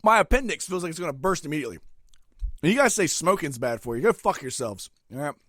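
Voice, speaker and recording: Middle-aged man, podcast host, profane rant, talks while eating, very animated pitch, dry close sound. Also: quick pace, no echo. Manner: crude, profane ranting with sudden loud outbursts. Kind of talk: solo comedic rant.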